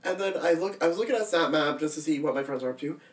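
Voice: mid-range voice, animated, fast talker, distant mic. Young podcast co-host, roomy and off-mic. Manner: teasing, blunt reactions. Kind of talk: casual gossip chat.

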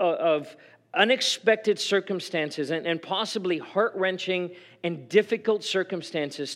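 Pastor, man, mid-high voice, bright and forceful, earnest conversational sermon. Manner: conversational, earnest preaching with frequent restarts; emotional, openly expressive.

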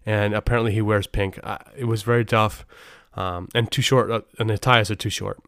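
Rambling podcast host man, smooth voice. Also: fairly low pitch, fairly even intonation, brisk, a bit bright, no echo, clean studio sound. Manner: rambling, self-interrupting, frequent restarts. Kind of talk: casual podcast chat.

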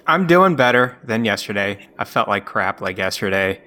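A man joining a casual chat as a guest, speaking in a low-key, plain way. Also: lively intonation, moderate pace, pushed and bright. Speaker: podcast guest.

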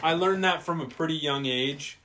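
A man's voice: on the high side, normal speed, pushed and bright, a little hiss or hum. A man hosting a casual sports podcast, ranting bluntly with plenty of swearing and loose, rambling sentences. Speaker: podcast host. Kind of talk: casual chat.

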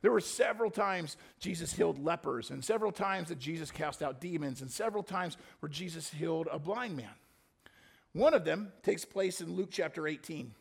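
A man's voice: a little high, lively intonation, normal speed, creaky, breathy edge. A male pastor preaching a sermon, telling a story with dramatic shifts.

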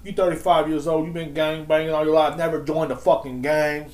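A man's voice: fairly high pitch, flat delivery, fairly quick, echoey room. A man in his thirties hosting a solo podcast, ranting in a swaggering, slangy, profane and mocking way. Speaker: podcast host.

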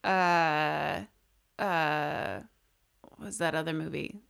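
A woman's voice: sits low, steady tone, slow pace, vocal fry, a bit bright, smooth. Wry woman in casual chat.

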